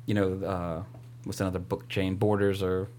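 A man's voice: low voice, little pitch movement, moderate pace, darkish tone, slight background noise. A man co-hosting a podcast, chatting casually and rambling with lots of filler words. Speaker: podcast co-host. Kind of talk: casual chat.

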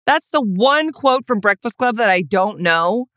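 A woman's voice: mid-range voice, animated, a little slow, fairly bright tone, dry recording, clean studio sound. A woman co-hosting a casual podcast chat, playful and wry, poking fun at herself as she guesses movie quotes. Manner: playful, wry, self-mocking. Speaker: podcast co-host.

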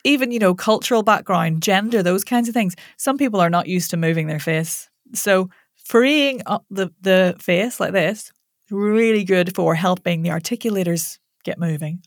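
A woman, a voice coach demonstrating vocal warm-ups in a playful, laughing coaching tone. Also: medium pitch, normal speed, no echo, studio quality. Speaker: voice coach guest.

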